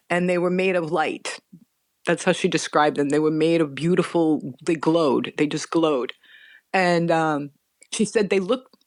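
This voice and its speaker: A woman's voice: on the low side, no room sound. Earnest middle-aged woman telling a story. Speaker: guest. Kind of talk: personal story told in an interview.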